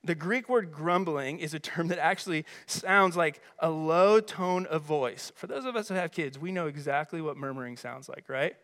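A man preaching a sermon as a pastor, energetic and emphatic, with chatty rhetorical asides. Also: on the high side, normal speed, few pauses. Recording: long hall reverb.

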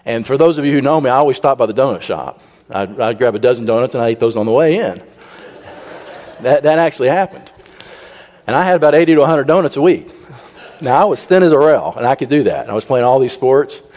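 A man telling a humorous personal story to a congregation, animated and acting out the people he quotes. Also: medium pitch, fast. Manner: animated, raises his voice when he quotes people. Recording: long reverb in a large hall.

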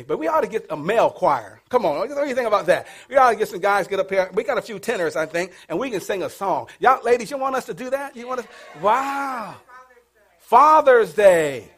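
Man, middle-aged, pastor, high voice, playful call-and-response sermon. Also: a bit bright, breathy edge.

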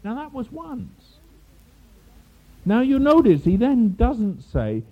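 Older English preacher on a tinny line. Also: male voice, very high-pitched, slow pace, long pauses, husky. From England. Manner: storytelling with asides and laughs, animated. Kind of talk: sermon. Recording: tinny phone-like sound.

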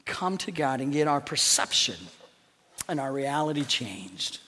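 A male pastor preaching a sermon, swinging from loud proclamations to hushed, near-whispered lines. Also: medium pitch, lively intonation, a little slow, long reverb tail, a little hiss or hum.

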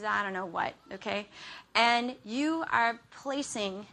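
A woman's voice: mid-range voice, slow, gravelly, sharp tone. A woman preaching a sermon in a conversational way, often checking in with "okay?" and acting out her own frustration.

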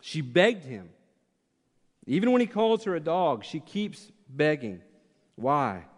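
A man's voice: fairly high pitch, sing-song, takes it slowly. A man preaching an expository sermon as pastor, passionate and rhetorical, repeating phrases for emphasis. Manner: impassioned, rhetorical questions, emphatic repetition. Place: church sanctuary. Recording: church hall with long reverb.

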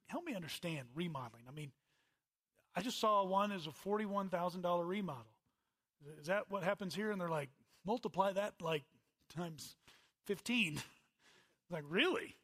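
Casting: male pastor, high voice, chatty sermon delivery with loud peaks and hushed asides. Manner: conversational preaching, swings from loud bursts to quiet asides.

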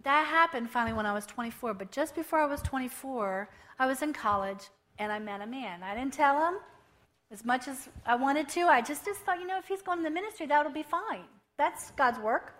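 A woman around fifty, a missionary giving a lively testimony at a church service and telling her story with acted-out dialogue. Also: high-pitched, a little fast. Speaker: missionary speaker.

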